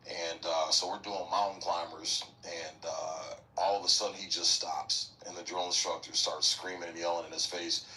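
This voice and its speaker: Brief: very low, bright-edged male voice; profane, rambling storyteller, casual podcast guest, mic a bit distant. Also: flat delivery, normal speed, few pauses. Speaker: military veteran guest.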